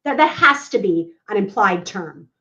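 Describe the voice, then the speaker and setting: A woman's voice: mid-range voice, animated, moderate pace, fairly bright tone. A woman legal analyst giving emphatic podcast commentary, often checking in with "right?". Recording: dull lo-fi audio.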